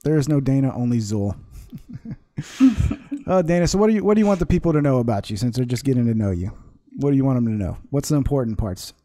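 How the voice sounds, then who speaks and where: A man's voice: medium pitch, expressive, fast, warm tone, no echo. A man hosting a casual live stream, rambling and laughing often while reading chat comments aloud. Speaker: livestream host.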